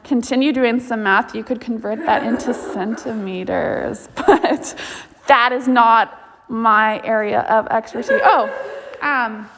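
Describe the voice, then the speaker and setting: A woman's voice: fairly high pitch, takes it slowly, big-room sound, background noise. A woman who manages a riding program, chatting casually and easily to viewers while she films, with plenty of ums and small laughs. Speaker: program manager filming a live stream. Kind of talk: casual live-stream chat. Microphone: camera held by the speaker.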